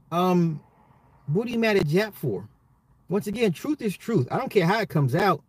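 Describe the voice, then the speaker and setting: A man's voice: high voice, big pitch swings, moderate pace, darkish tone, slightly rough. Emphatic man hosting a solo podcast. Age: adult, a father. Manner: emphatic, repeats himself, talks to listeners directly. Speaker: podcast host. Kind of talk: solo social commentary podcast.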